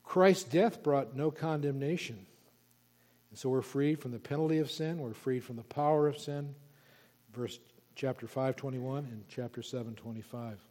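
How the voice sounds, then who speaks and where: A pastor preaching an expository sermon, emphatic and repeating key words for stress. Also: male voice, medium pitch, normal speed, mellow. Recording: long reverb of a large hall.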